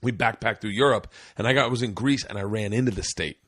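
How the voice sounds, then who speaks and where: A middle-aged man hosting a podcast in casual chat, telling stories with lots of swearing and loud acted-out quotes. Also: fairly low pitch, quick pace, dry recording, studio quality. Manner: profane, animated storyteller, acts out quotes with sudden loud jumps. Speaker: podcast host.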